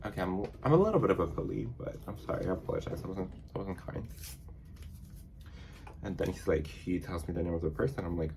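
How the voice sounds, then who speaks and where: A man's voice: low voice, animated, fairly quick, a little mellow, a little hiss or hum. A man chatting casually in a sassy, dramatic storytime vlog, full of fillers. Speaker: vlogger.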